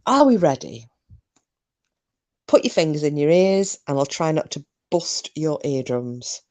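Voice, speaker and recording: A woman's voice: low voice, big pitch swings, unhurried, darkish tone. A middle-aged woman hosting a live stream, chatting casually to her viewers and laughing often between remarks. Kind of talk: casual chat to a live chat audience.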